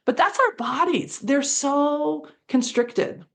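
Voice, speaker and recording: Speaking slowly in a high-pitched voice, this woman is an interview guest. She tells a story with animation, performing the quoted dialogue and laughing along.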